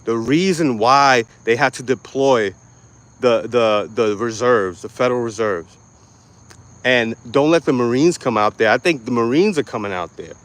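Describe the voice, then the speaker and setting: A young man from New York City rants into the camera as an online commentator. His talk is blunt, aggressive and full of street slang and swearing. His voice sits at an everyday middle pitch. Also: normal speed, a bit bright. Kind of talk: ranting commentary.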